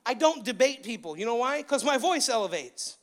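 A man preaching a sermon in a church, excitable and loud, his voice rising into yelling. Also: very high-pitched, brisk. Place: church sanctuary.

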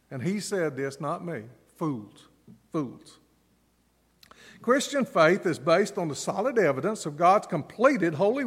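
A middle-aged male pastor preaching a sermon, telling stories and repeating key phrases for emphasis. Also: sits high. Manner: storytelling preacher, dramatic pauses and emphatic repetition. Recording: long reverb of a large church hall.

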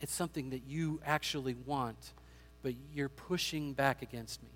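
A man's voice: mid-range voice, moderate pace, a bit bright, big-room sound, soft background music. A man preaching a sermon, retelling a scripture passage and acting out the people in it. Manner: acts out quoted speech of biblical figures in paraphrase. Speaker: pastor.

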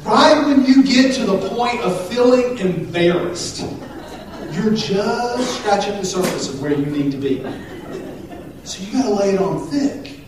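Male pastor, high voice, jokey and chatty; distant mic in a very echoey hall with faint hiss. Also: animated, measured pace. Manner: joking, conversational, with frequent restarts. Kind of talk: sermon. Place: church hall.

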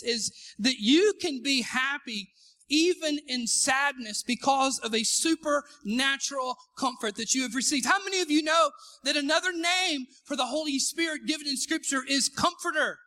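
A male pastor with an unusually high voice delivers a sermon in a church sanctuary. His tone is bright and forceful. He cracks self-deprecating jokes and calls for the congregation to shout back. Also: normal speed. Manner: joking, calls for responses from the congregation. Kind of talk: live sermon.

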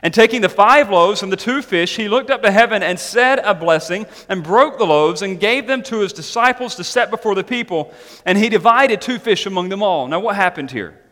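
A man preaching a sermon, animated and emphatic, mixing scripture reading with chatty asides and questions to the congregation. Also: high voice, brisk. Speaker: pastor. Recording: long hall reverb.

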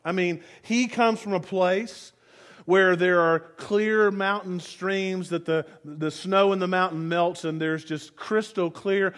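A male pastor preaching a sermon in a relaxed, storytelling way. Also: high voice, takes it slowly.

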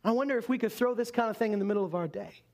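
A man with a notably high voice preaches a sermon. He lifts his pitch for emphatic lines, then drops to hushed, drawn-out phrases. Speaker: pastor.

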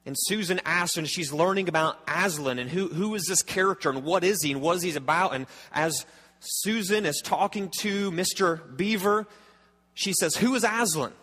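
A man's voice: sits high, normal speed, pushed and bright, long reverb tail. A man preaching a sermon as a pastor, earnest and emphatic, often restarting and repeating words.

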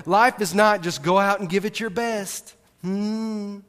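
Animated pastor in a reverberant hall. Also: male voice, high voice, unhurried, hardly any pauses. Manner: animated, swings from excited shouting to soft earnest tones. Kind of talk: sermon. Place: church.

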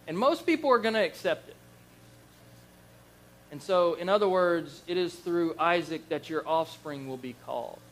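A man preaching a Bible lesson, telling the stories in a lively, animated way and acting out the figures he quotes. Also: on the high side. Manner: animated storyteller, acts out quoted voices, chuckles. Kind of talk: Bible teaching sermon.

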